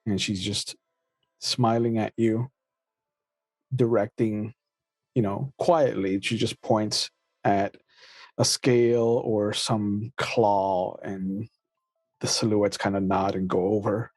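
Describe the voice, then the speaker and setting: A man narrating as game master of a tabletop game, slow and halting with frequent filler sounds. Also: fairly low pitch, level tone, darkish tone, no room sound, faint music behind.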